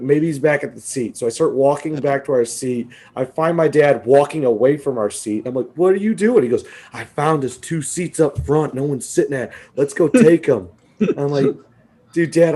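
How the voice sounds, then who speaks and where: Laughing, swearing storyteller guy with a mellow voice. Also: mid-range voice. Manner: animated, swearing, laughs often, quotes people in quick asides. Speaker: podcast co-host. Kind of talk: casual storytelling chat.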